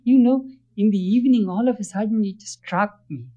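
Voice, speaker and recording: A man's voice: high voice, warm tone. A man giving a religious discourse, earnestly explaining and often asking his listeners questions. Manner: earnest, questions listeners, chants Sanskrit verses quickly. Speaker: spiritual teacher. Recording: dull lo-fi recording.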